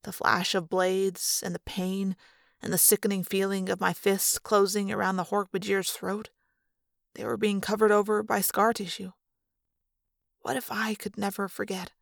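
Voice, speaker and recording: A woman's voice: medium pitch, flat delivery, moderate pace, vocal fry, no room sound. A woman reading a first-person audiobook aloud in an earnest, subdued way on a close microphone. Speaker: reader.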